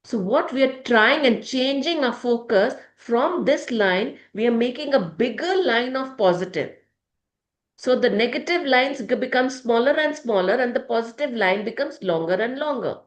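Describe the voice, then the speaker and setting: High-voiced woman leading a positivity session. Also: lively intonation, moderate pace, echoey room. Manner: emotional, addresses listeners by name. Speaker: positivity group leader. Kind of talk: motivational group session.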